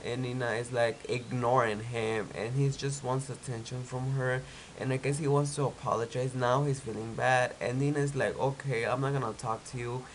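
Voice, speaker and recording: A man's voice: mid-range voice, a little hiss or hum, low-quality recording. A young man with a stuffy nose from a cold, recapping a reality show in a chatty, opinionated way, with lots of "like". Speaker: TV recap vlogger.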